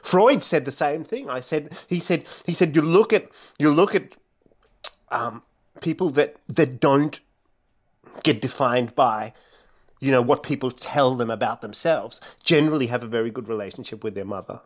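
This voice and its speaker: A man's voice: medium pitch, moderate pace. A man from India, an author, talking in an interview and then reading steadily from his own memoir.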